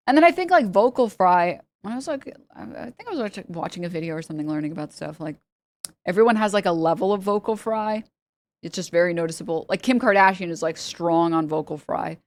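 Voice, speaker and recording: Her lowish voice is expressive and brisk as she chats casually on a live stream, rambling with plenty of fillers and laughing frequently. The recording is dry.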